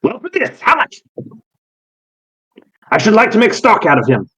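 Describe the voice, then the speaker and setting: A man voicing an eccentric older male Pokemon breeder who talks in a fussy, quick, grabby way. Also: high voice, wildly swooping pitch, a bit bright, husky, voice pushed up, exaggerated voice. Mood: greedy.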